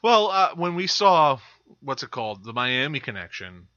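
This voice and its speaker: A male podcast co-host chats animatedly, slipping into quoted voices as he tells stories. His voice is very bright, and the recording is dry and dull, with no room sound at all. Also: on the high side, very animated, normal speed, no room sound. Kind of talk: casual chat about films.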